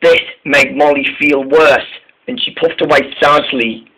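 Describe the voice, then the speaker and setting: A man narrating a train story, halting, with frequent restarts and repeated words. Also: mid-range voice, fairly even intonation, bright, forceful tone, breathy edge, poor audio. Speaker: story reader.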